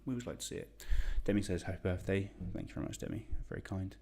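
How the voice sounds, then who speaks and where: Quiz host, young English man, deep voice, casual and chatty, pokes fun at himself. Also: fast, background noise. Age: young adult. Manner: chatty, self-deprecating, reads shout-outs. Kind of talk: casual quiz hosting livestream.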